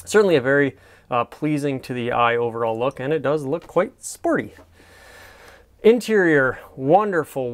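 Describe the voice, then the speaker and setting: A man's voice: mid-range voice, clear, resonant tone. A man reviewing a car from photos in casual commentary, gushing and enthusiastic, wandering with many fillers.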